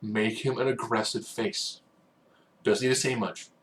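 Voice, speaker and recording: A man giving a casual, rambling spoken recap, now and then acting out quotes in loud bursts. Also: fairly low pitch, fairly even intonation, a little slow. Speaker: wrestling recap host.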